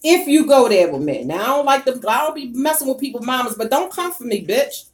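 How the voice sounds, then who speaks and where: Woman YouTuber on a live stream, blunt and foul-mouthed, slightly high voice, big pitch swings, quick to laugh. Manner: profane, blunt and animated; bursts of loud laughter. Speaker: YouTuber reading live chat. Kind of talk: casual live-stream rant.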